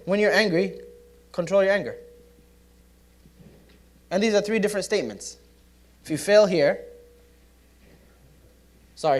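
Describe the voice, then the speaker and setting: A young man teaching a casual, interactive study circle in a community center classroom, asking the audience questions and joking with them. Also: a little high. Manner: conversational, asks the audience questions, jokes and laughs. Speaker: religious teacher.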